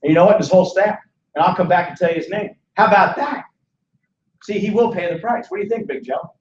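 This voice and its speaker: A man in his sixties giving a joking, animated financial sales seminar, firing questions at a small audience. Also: high-pitched, fast, a little hiss or hum. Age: 60s. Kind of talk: lively sales seminar talk. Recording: echoey dull room sound from far off.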